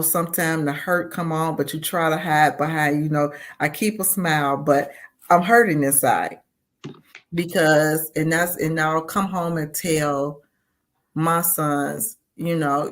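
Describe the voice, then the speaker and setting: A woman's voice: low voice, fairly even intonation, a little slow. A woman being interviewed as a community advocate, speaking in a heartfelt, earnest way and often saying "you know.". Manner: heartfelt, repeats "you know", voices her own thoughts aloud.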